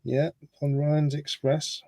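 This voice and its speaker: A man's voice: a little high, flat delivery, slow pace, creaky, dark tone, no room sound. A man co-hosting a casual livestream, trading dry jokes and old film quotes. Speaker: co-host. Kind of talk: casual chat on a modelling livestream.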